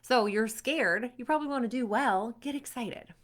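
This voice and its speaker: A woman performance coach talks athletes through facing their fears. Her delivery is upbeat and conversational, and she speaks straight to the viewer. She brings their inner voices to life by acting them out with lively emotion. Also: a little high, moderate pace. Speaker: sport psychology performance coach. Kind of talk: motivational coaching talk to camera.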